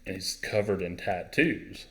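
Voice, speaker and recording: A man's voice: deep voice, unhurried, fairly bright tone, a little hiss or hum. A man co-hosting a podcast, laid-back, casually explaining a film plot. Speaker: podcast co-host. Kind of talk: casual chat.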